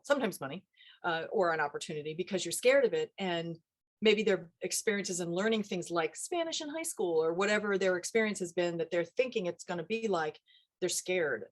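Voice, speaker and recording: A middle-aged woman who works as an accent coach chats in a casual interview, explaining things by acting out quotes. Her voice is on the low side and her delivery brisk, and she's recorded over a video call.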